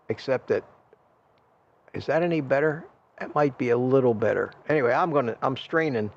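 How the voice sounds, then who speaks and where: Older male stream host, gravelly, chatty and meandering; muffled home-desk recording. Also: mid-range voice, a little fast. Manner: reads chat aloud, thanks viewers, rambling. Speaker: livestream host. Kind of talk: casual livestream chat.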